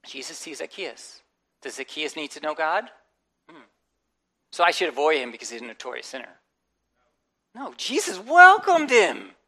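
A woman's voice: low-pitched, brisk, pauses often. A woman pastor preaching a conversational sermon, acting out quotes and adding humorous asides. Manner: animated, acts out quotes and inner voices.

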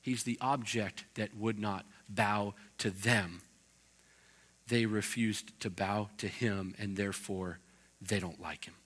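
Male pastor, bright and forward tone, chatty sermon delivery with acted-out asides. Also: lowish voice, fairly even intonation, takes it slowly, slightly rough. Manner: conversational preaching with acted-out quotes. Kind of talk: expository sermon.

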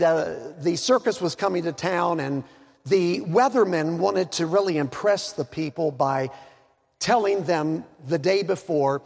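A man preaching a sermon, dramatic, slowing down to stress key words, with joking asides. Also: mid-range voice, gravelly, a little mellow. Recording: long hall reverb.

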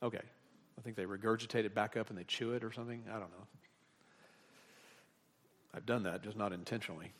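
A man preaching an expository sermon as pastor, rising to emphatic peaks and dropping into relaxed, joking asides. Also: fairly low pitch, fast talker, long pauses, a little hiss or hum. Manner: animated preaching that rises in emphatic bursts, with asides.

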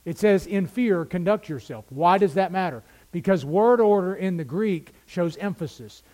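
A man with a high voice preaching to his congregation. He teaches step by step and keeps asking his listeners questions. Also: a little mellow. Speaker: pastor. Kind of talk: sermon.

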